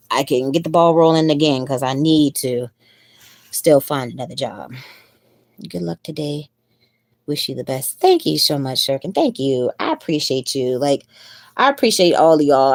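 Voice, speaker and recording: A woman with a low-pitched voice talks casually to her livestream viewers. She chats loosely, laughs easily and keeps coming back to thank them. The sound is dry and close, with no room echo. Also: darkish tone. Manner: chatty, repeats thanks, laughs often. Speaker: livestream host.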